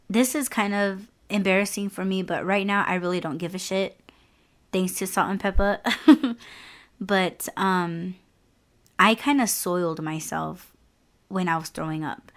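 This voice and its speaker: A woman's voice: mid-range voice, slow, long pauses. A young adult woman hosting a podcast, telling a personal story in a frank, candid way, full of "like" and "you know". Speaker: podcast host.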